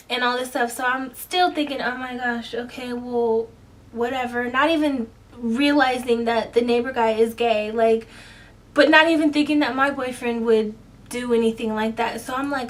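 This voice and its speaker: Woman doing a storytime vlog, kinda high voice, acts out all the dialogue, mic sits back a bit. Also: moderate pace, far from the mic. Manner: animated, quotes herself and others in dialogue. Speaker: vlogger.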